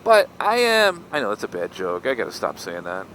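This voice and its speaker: A man's voice: fairly low pitch, huge pitch swings, fairly quick, a bit bright. A middle-aged man talks to his helmet mic while riding through town. His voice swoops far up and down as he rambles and pokes fun at himself. Faint traffic hum sits behind him. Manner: chatty, self-mocking, wanders off topic. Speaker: motorcycle vlogger. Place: outdoors on a motorcycle in traffic. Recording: faint road and traffic noise.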